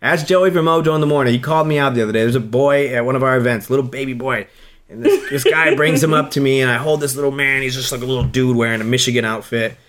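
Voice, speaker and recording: In a casual podcast chat, a man in his thirties who works as a radio host and co-host talks at a quick pace. His medium-pitched voice has a fairly bright tone, and he rambles emotionally, restarting often.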